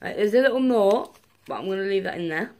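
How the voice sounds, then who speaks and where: A young woman vlogger speaks quickly in a medium-pitched voice. Unboxing gifts in a casual vlog, she's gushing and excitable, talking to her viewers throughout.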